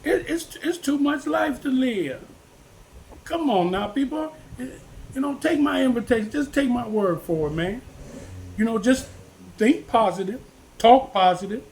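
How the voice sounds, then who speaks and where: A man's voice: very high-pitched, expressive, unhurried, gravelly, a little mellow, a little hiss or hum, low-quality recording. An older man, a vlogger giving a preachy, folksy talk to his viewers and repeating himself for emphasis. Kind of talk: casual preachy monologue to viewers.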